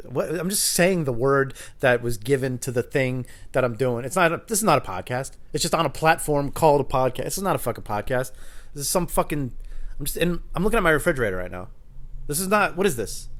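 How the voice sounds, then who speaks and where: A man's voice: mid-range voice, animated, fast. A man rambling alone for his podcast at home in the kitchen, casual, profane and self-deprecating. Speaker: podcast host. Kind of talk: solo rambling monologue.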